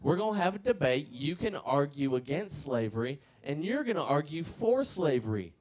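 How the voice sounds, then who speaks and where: A man's voice: fairly high pitch, big pitch swings, moderate pace, a little mellow. A man putting on a stubborn, condescending Southern woman history teacher. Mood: dismissive.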